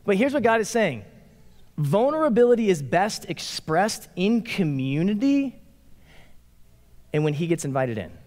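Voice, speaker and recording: A man in his forties, a pastor giving a casual, conversational sermon in an animated, playful way. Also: high-pitched, measured pace, pauses often. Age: 40s. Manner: animated, playful, acts out quotes. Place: church sanctuary. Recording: long reverb of a large hall.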